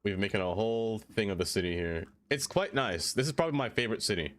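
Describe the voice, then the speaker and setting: A man's voice: fairly low pitch, fast. A man live-streaming a city-building game, chatting playfully with viewers, greeting them by name and laughing often. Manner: playful, easily excited. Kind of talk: casual live-stream chat.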